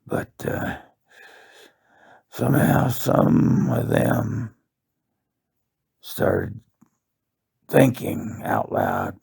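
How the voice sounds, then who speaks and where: A man's voice: low voice, huge pitch swings, drawn-out words, gravelly, long pauses, a little mellow, slightly rough. A man delivering a rambling comic monologue, meandering and profane, with many fillers. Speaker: monologue host.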